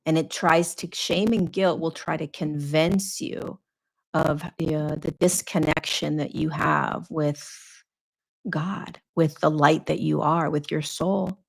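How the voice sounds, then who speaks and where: Woman host, spiritual teacher, low-pitched and gravelly, earnest coaching delivery with repetitions. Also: fairly even intonation, takes it slowly. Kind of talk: live Q&A talk.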